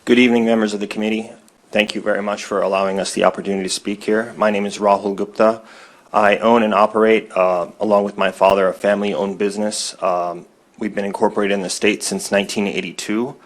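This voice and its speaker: Low, flat-voiced polite man. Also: fast talker. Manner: polite, with fillers. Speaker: family business owner testifying. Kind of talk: public testimony.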